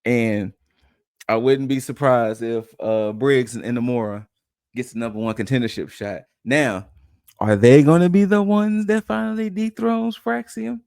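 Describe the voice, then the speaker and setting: A man's voice: mid-range voice, fairly even intonation, a little slow, vocal fry, darkish tone, smooth, dry recording. A young adult man co-hosting a podcast, casually recapping events in a loose, conversational way and acting out quotes in passing. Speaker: podcast co-host recapping wrestling.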